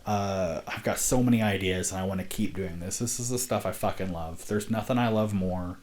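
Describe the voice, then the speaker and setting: A man's voice: deep voice, moderate pace, darkish tone. A man talking to camera in a casual, rambling vlog, earnest and sweary, often breaking into laughter. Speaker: vlogger, independent filmmaker.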